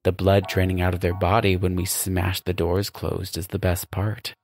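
A man's voice: low-pitched, monotone, normal speed. A man voicing a dim, eager young male demon nephew who speaks in a meek, subdued way.

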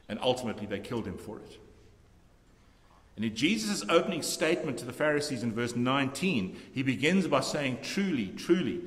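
A man preaching a measured, emphatic sermon as pastor in a church. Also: mid-range voice. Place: church sanctuary. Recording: long church reverb.

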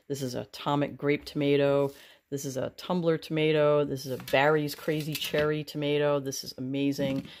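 Excitable low-voiced woman. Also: slight background noise, low-quality recording. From United States. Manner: chatty, excitable, lots of exclamations. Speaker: home and garden vlog host. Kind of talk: casual vlog chat while cooking. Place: home kitchen.

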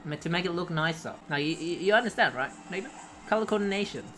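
Low-voiced woman streaming a game. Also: fast. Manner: chatty, greets and answers chat, pleads with the game; sudden excited shouts. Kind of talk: casual live-stream commentary while playing.

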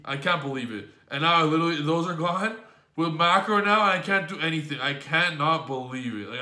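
A man's voice: a little high, bright, forceful tone, reverberant. A man recapping his card game matches in a rambling, exasperated play-by-play, swearing often. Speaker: YouTube gaming host.

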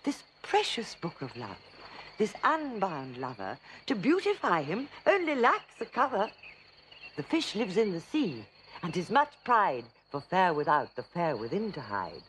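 An actress playing a stately, commanding noble mother in a classical drama, declaiming in measured verse. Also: fairly low pitch, wildly swooping pitch, slight background noise.

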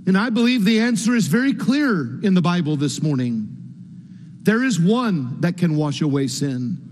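A man with a high voice preaches from a pulpit, stacking rhetorical question on question in a rising cadence. His voice rings through a large sanctuary with a long, trailing reverb. Now and then he slips in an "uh" as he gathers the next point. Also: darkish tone. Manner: occasional "uh" fillers. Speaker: pastor. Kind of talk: sermon.

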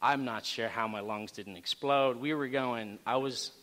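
A man telling a story in a casual, animated way to a campus gathering, with lots of fillers and asides. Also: mid-range voice, measured pace. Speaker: campus ministry speaker. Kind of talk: storytelling sermon talk. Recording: reverberant hall.

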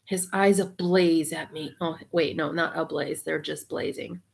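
A woman giving an intimate reading aloud, soft and half-whispered, breaking off for wry, cursing asides. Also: low voice, fairly even intonation, measured pace, vocal fry, husky. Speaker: reader and commentator.

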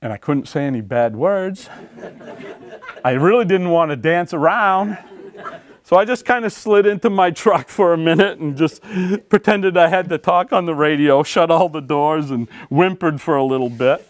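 A man, an author and former game warden, telling stories to a library audience in a folksy, animated way, acting out quotes and laughing along. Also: fairly high pitch, normal speed. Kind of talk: storytelling talk to an audience. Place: library talk room.

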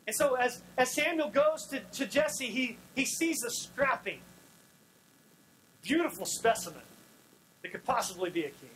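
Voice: medium pitch, expressive, moderate pace, long pauses, fairly bright tone, slight background noise, poor audio. A pastor preaching a sermon in a folksy, storytelling way, acting out the scenes in dialogue. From Oklahoma.

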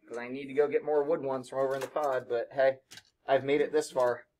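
A man teaching middle school math to a classroom of students, brisk and joking as he encourages them to work together. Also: mid-range voice, little pitch movement, a little mellow, slight background noise.

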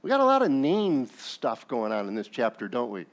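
A man's voice: mid-range voice, wildly swooping pitch, moderate pace, creaky. A male pastor preaching a sermon, telling the story with jokes and acted asides.

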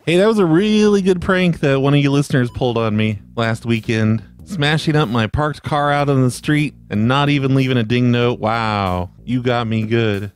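A man hosting a prank-call podcast, talking casually with a deadpan, sarcastic delivery. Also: mid-range voice, moderate pace, few pauses. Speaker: podcast host and prank caller.

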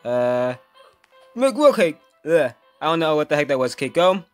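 A man's voice: a little high, sing-song, moderate pace, soft background music. A young man giving casual gameplay commentary as a gaming video host, jumpy and easily frustrated, yelping and raging when he falls.

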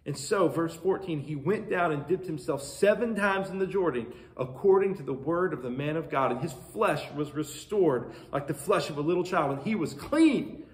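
A man preaching a sermon, reading scripture and retelling it in a conversational, animated way with questions to the listeners. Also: on the high side, roomy sound. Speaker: pastor.

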